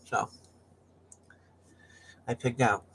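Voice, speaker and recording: A man's voice: medium pitch, fairly even intonation, extremely slow, creaky, a bit bright, slight background noise. A man chatting casually and rambling on a livestream, joking and laughing often. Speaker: livestream host.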